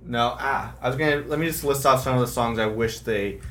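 A man's voice: medium pitch, a little fast, a bit bright, a little hiss or hum. A man co-hosting a podcast, joking around and poking fun at himself in casual chat. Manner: jokey, self-mocking, slips into silly impressions. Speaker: podcast co-host.

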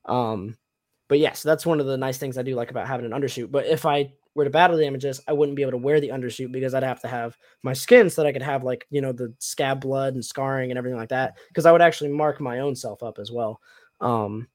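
A man's voice: medium pitch, fairly even intonation, quick pace. A young man hosting a casual chat, rambling and upbeat with many fillers. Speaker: podcast host and cosplayer.

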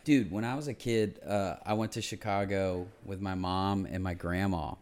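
A man's voice: sits low, steady tone, normal speed, a little mellow. A man co-hosting a podcast, telling profane, jokey stories in casual chat. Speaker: podcast co-host.

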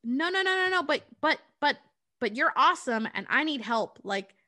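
A woman voicing a naive, sheltered young man who is sweet and eager, her voice jumping high when he pleads. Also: sing-song, normal speed, pushed and bright, heavily acted. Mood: pleading.

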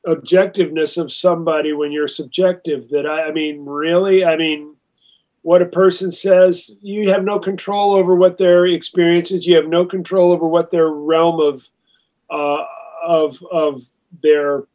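A man's voice: a little high, steady tone, normal speed. A man in a casual chat about music, rambling through his points and teasing the others. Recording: slightly muffled audio.

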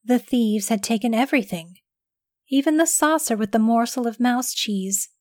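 A woman's voice: on the high side, normal speed, a little mellow, no echo. Woman narrating a story, dry close sound.

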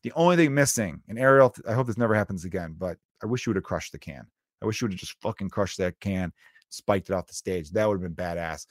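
A man's voice: low-pitched, lively intonation, quick pace, no echo, studio quality. A young man hosting a solo podcast, talking casually and bluntly, with plenty of swearing as he tells a story. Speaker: podcast host.

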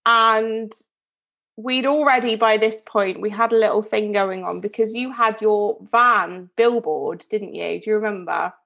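A woman from Devon co-hosts a relaxed podcast chat. She tells stories with plenty of ums, little restarts and self-corrections. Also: medium pitch, unhurried, vocal fry. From Devon, England. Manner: chatty storyteller with many fillers and restarts. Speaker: podcast co-host. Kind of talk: casual chat.

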